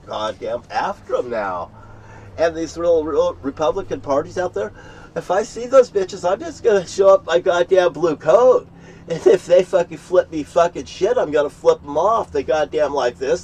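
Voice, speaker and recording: A man delivering a profane, boastful, threatening rant outdoors, swearing constantly and breaking into loud outbursts. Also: on the high side. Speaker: street ranter. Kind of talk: profane angry monologue. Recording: distant mic with faint background noise.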